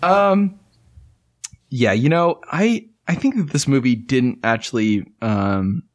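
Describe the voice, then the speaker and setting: A man's voice: medium pitch, animated, slow pace. A man co-hosting a podcast in casual chat, joking, laughing often and swearing casually. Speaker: podcast co-host.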